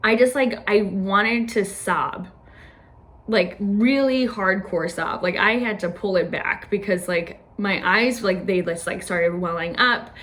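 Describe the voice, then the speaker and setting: A woman's voice: medium pitch, a little slow, fairly bright tone. Young woman, casual personal recap, chatty, filler-heavy, laughs often. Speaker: podcast host.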